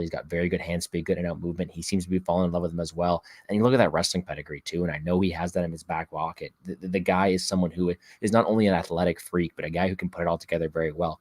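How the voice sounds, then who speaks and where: A man from Canada, a guest fight analyst on a casual podcast, talking excitably, repeating himself and swearing freely. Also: low-pitched, dry recording, clean studio sound.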